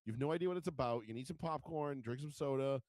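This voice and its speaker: A man co-hosting a podcast, chatting casually and crudely, telling animated stories full of swearing and acted-out voices. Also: mid-range voice, fast talker, no room sound. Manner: animated storyteller, swears a lot, acts out voices. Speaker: podcast co-host.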